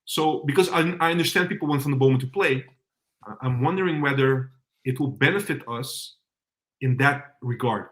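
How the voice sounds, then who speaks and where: A man's voice: mid-range voice, moderate pace, a bit bright. Male football podcast host, level voice. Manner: reads out viewer comments and asks the panel questions; hesitant, with many fillers. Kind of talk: casual football podcast chat.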